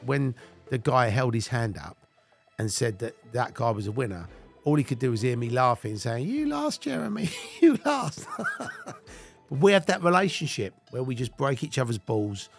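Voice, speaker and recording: A man in his fifties with an English accent spins rough tales of his past in a mid-pitched, everyday voice. He swears freely and keeps laughing at his own stories. His tone stays casual and blunt. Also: moderate pace, soft background music. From England. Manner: blunt and heavily profane, breaking into laughter. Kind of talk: casual anecdotal storytelling.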